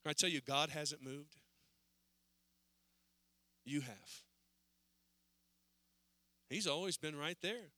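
A man preaching a sermon in a church service, earnest, rising to pleading and then dropping low. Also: slow pace, long pauses, pushed and bright, dry recording.

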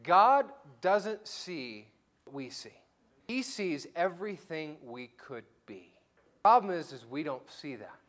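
A man's voice: fairly high pitch, very animated, takes it slowly, a bit bright. A male pastor preaching a conversational, story-driven sermon to his church. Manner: conversational, storytelling with acted-out quotes.

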